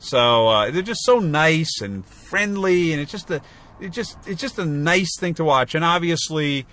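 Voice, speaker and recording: This podcast co-host speaks a little slowly in a fairly high, fairly bright voice with lively intonation. He chats casually and rambles, full of fillers and false starts.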